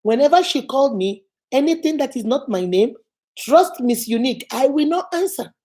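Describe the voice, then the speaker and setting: A woman's voice: high voice, moderate pace. A woman vlogger telling a personal story casually to camera, acting out the people in it. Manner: animated, acts out quoted voices. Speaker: motivational vlogger.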